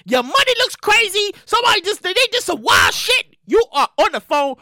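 A woman hosting her own show, ranting in a loud, profane, animated way with sudden shouted bursts. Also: extremely high pitch, fairly quick, dry recording, clean studio sound. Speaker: show host. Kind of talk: solo comedic rant.

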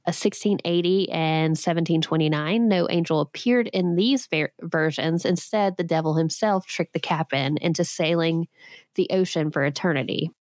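A woman's voice: on the low side, normal speed, no room sound, clean studio sound. Sarcastic woman host in her thirties. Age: 30s. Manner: sarcastic, laughs at her own jokes. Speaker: podcast host. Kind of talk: storytelling with comic asides.

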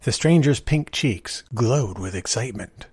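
A man reading a short story aloud in a measured, expressive way, with a husky voice. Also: mid-range voice, no room sound, studio quality.

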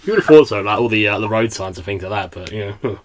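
A man's voice: lowish voice, big pitch swings, brisk, a little hiss or hum. A young man hosting a podcast, chatting casually in a rambling way with lots of fillers and laughter. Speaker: podcast host. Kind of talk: casual chat.

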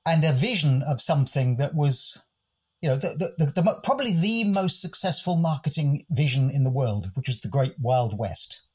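Husky, thoughtful older man from Britain. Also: on the high side, expressive, moderate pace, a little mellow. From United Kingdom. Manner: thoughtful, literary, musing. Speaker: guest, philosophy podcast host. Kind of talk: reflective interview talk.

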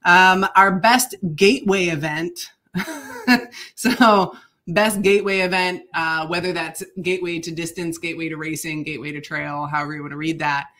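Female podcast co-host, bright timbre, lowish pitch, relaxed chatty delivery with frequent laughs. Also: moderate pace. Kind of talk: casual chat.

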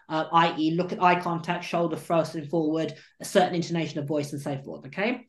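A man, a dog trainer and coach, explaining his training methods at length in an animated interview. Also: fairly high pitch. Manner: animated, acts out what the dog thinks. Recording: roomy echo.

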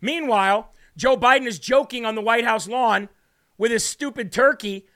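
Guy hosting a political talk show, high bright voice, ranting loud and fired up. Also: normal speed. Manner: loud, emphatic and indignant. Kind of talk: political commentary rant.

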